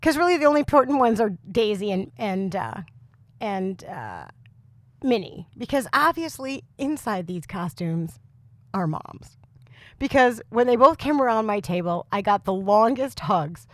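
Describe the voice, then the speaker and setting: A woman in her thirties or forties with a very loud voice, co-hosting a podcast and telling a comic story with lots of laughs and exasperation. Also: medium pitch, animated, measured pace, dry recording. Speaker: podcast co-host. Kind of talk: casual chat, comic storytelling.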